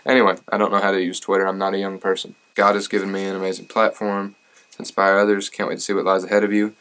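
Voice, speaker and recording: A man's voice: sits low, completely flat delivery, fast talker, a bit bright, clear, resonant tone. A man reading fan mail in a casual vlog, rambling, joking and poking fun at himself. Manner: joking, rambling and self-deprecating. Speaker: country singer and YouTuber. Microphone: camera rig at home.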